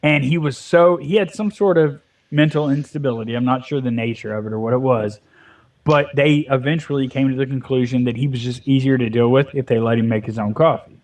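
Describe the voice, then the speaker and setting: A man's voice: mid-range voice, a little fast, darkish tone. Profane ranting man. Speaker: Minecraft let's play co-host. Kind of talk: casual gaming chat. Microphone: headset or desk mic, volume fading at times.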